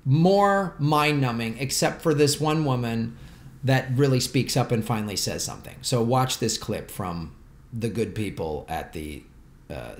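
Animated, sarcastic man hosting commentary. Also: mid-range voice, reverberant. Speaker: political commentary host. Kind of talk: political commentary.

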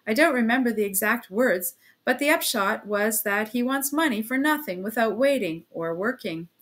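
Woman doing blunt outspoken young man, quick and emphatic, lecturing. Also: fairly high pitch, a bit bright, pitched above the performer's own voice.

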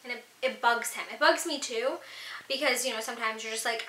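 A woman's voice: on the high side, brisk, sharp tone, reverberant, poor audio. A young woman in her twenties chatting casually through a pregnancy Q&A vlog, giggly and full of fillers. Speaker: vlogger.

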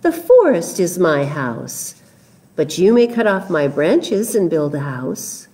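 A tender, giving tree, aged down to a stump, speaks low and sorrowfully, as a woman reads her lines aloud. Her words come slowly and gently, with a quiet sadness. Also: sing-song. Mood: sad. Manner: soft, sorrowful, low-voiced. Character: gentle, giving female tree, growing old.

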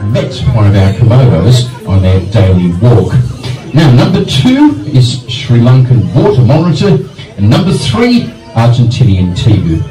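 A man's voice: mid-range voice, very animated, a little slow. A man, a reptile park keeper, presenting animals live to an audience with jokey, dry humour. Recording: echoey, from far off, faint music.

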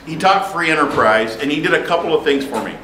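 A man preaches with animated, humorous storytelling. His voice is bright and fairly high, and it rings around an echoey room over a faint background hum. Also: fast. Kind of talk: sermon with personal storytelling. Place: church meeting room.

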